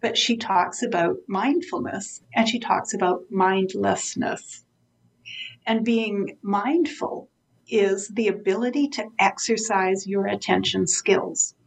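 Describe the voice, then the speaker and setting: A woman's voice: medium pitch, slow pace, creaky, low-quality recording. A woman guest in an interview, a vivid storyteller who acts out the dialogue as she explains dementia care.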